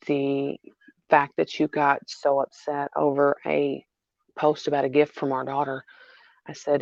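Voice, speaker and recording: Woman, gravelly voice, halting speech with fillers, dull dry lo-fi recording. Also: low-pitched, a little mellow, no room sound. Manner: halting, repeats herself, many fillers. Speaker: mother vlogger. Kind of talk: emotional personal vlog.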